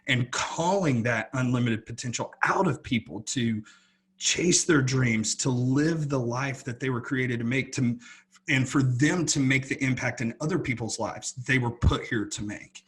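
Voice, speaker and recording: A man co-hosting a podcast in a relaxed, earnest chat, circling back and restarting his sentences often. His voice sits at an ordinary pitch with a husky, slightly breathy grain. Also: measured pace. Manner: earnest, rambling with many restarts. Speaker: podcast co-host. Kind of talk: casual chat.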